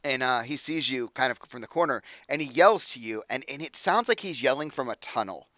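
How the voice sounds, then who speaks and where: A young man narrating as game master, casual and halting with fillers. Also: mid-range voice, animated, a bit bright, no room sound.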